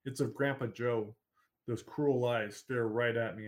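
An audiobook narrator, a man with a medium-pitched voice, reads a first-person story in a measured, steady manner.

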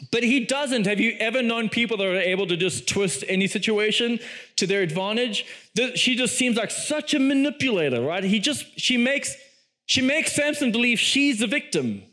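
A male preacher with a high voice tells a story in an animated sermon. He acts out quoted lines with big jumps in pitch and laughs often as he goes along. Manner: laughs often while speaking.

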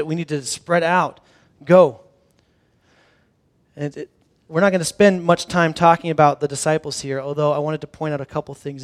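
A man giving a casual sermon, reading scripture and then playfully acting out the disciples' reactions in a conversational, animated way. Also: on the high side. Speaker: pastor.

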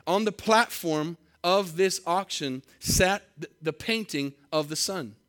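A male pastor telling a story in a sermon, dramatic and swinging between soft and loud passages. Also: sits high, slow.

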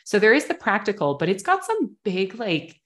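A woman's voice: mid-range voice, big pitch swings, moderate pace, a bit bright. A woman, a guest educator and coach, talking enthusiastically in a casual interview, often saying "like". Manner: enthusiastic, talkative, frequent "like".

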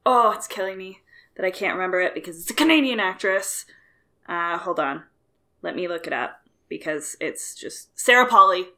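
Bright-voiced woman chatting about films. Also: lowish voice, moderate pace. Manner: animated, thinks aloud with many fillers. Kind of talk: casual film discussion.

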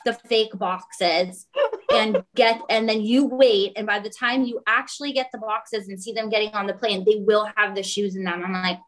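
A woman guest on a talk show tells a story in a casual, chatty way. She acts out the other people's voices as she goes, and her own voice sits at a middle pitch. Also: moderate pace, rough recording. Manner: animated, acts out quoted voices.

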